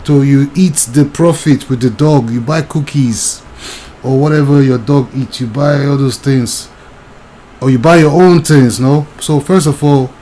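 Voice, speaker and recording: A man's voice: medium pitch, a little slow, dark tone, a little hiss or hum, low-quality recording. A young man, ranting agitatedly and talking straight to the viewer in video commentary.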